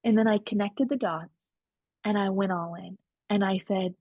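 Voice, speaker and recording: Telling her own story on someone else's podcast, a woman speaks in a mid-range voice at normal speed. She's frank and lively, slipping into different voices to quote people. The casual storytelling is recorded dry.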